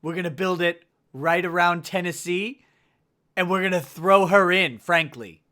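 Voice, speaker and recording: A man's voice: high voice, unhurried, sharp tone. A man putting on a blustering, boastful older male politician who repeats himself in a rally-speech style.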